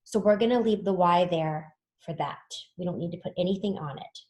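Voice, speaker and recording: A woman's voice: fairly low pitch, a little fast, darkish tone, echoey room. A woman teaching a spelling lesson to children, patiently sounding words out letter by letter.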